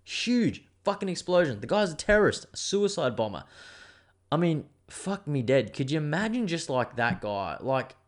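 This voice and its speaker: A man hosting his own podcast, telling a news story in a rambling, animated way with plenty of swearing. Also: fairly high pitch, normal speed. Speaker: podcast host. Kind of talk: casual solo podcast rant.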